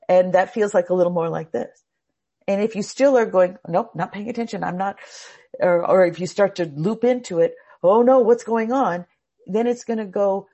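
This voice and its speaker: A woman's voice: on the low side, dark tone. A middle-aged woman teaching a live class on anxiety, earnest and prone to repeating words as she thinks.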